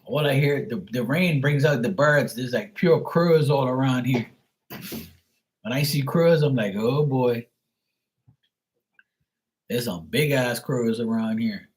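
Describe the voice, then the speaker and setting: A man's voice: medium pitch, takes it slowly, pauses often, rough recording. A man from Bermuda ranting on a live stream, swearing often, exasperated and restarting his sentences. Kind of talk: casual live-stream rant.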